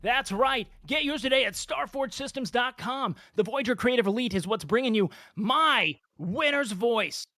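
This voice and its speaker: A man doing a brash, boastful big-shot caster with slick salesman patter. His voice is high and bright. Faint music sits under him. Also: expressive, normal speed, few pauses, no room sound, clean studio sound, heavily acted. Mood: salesy. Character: smug sleazy rich caster bragging and shilling. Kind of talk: comedic sports desk role-play.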